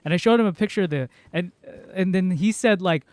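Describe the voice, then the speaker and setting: A man's voice: high voice, brisk, dry recording, studio quality. A young American man rambling chattily through a casual livestream, laughing often. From United States. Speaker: streamer.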